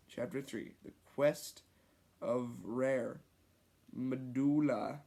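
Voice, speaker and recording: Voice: medium pitch, takes it slowly, a little mellow. A reader casually reading aloud an old childhood story, amused and stumbling over the messy handwriting with joking asides. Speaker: reader of own childhood stories.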